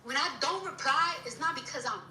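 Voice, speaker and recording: A woman's voice: high-pitched, lively intonation, brisk, pushed and bright, roomy sound, distant mic, a little hiss or hum, low-quality recording. A woman rapper in an angry, profane rant on social media, repeating herself as she scolds someone.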